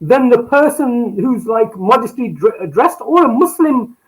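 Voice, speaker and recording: A man with a high voice shares his experience sincerely. He is a little hesitant and leans on small fillers as he goes. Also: animated, a little slow, low-quality recording. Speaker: panelist.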